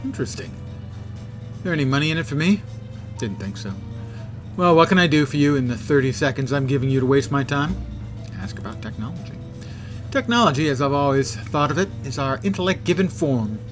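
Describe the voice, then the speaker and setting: A man's voice: on the high side, expressive, brisk, music in the background, voice pushed up, lightly acted. A man doing a smug, greedy businessman. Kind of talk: reading game dialogue aloud.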